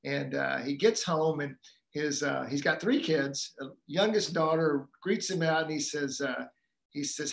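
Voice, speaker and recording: Casting note: man, fairly high voice, halting storyteller with lots of ums, recorded in an echoey room. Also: vocal fry, a bit bright. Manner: storytelling, retells a film scene with acted quotes; halting, many fillers and restarts. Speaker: guest speaker on fathering. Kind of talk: casual talk on a live community call.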